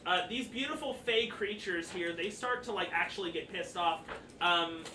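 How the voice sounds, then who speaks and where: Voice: mid-range voice, moderate pace. A game master narrating a tabletop game loosely, with many fillers. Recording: roomy distant mic with faint noise.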